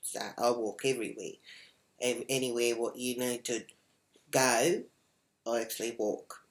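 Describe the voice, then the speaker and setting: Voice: mid-range voice, steady tone, a little slow, lightly acted. A comedian playing a brash, foul-mouthed woman who rambles and swears bluntly in a comedic character vlog.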